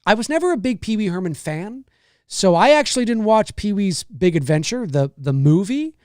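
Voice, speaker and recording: This is a man hosting a live-streamed talk show, chatting off the cuff with viewers and reading their comments. His delivery is rambling, with frequent restarts, and his pitch moves a lot. The sound is dry and close. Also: animated, a little mellow, dry recording. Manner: rambling, many restarts and repeated phrases; drops into low, slow impressions and squeaky high mimicry.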